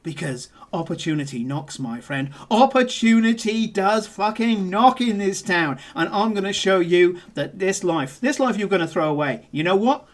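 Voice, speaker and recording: A game master voicing a boisterous male London dock worker who gives a loud, rousing pep talk. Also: medium pitch, expressive, normal speed, few pauses, close to an everyday voice.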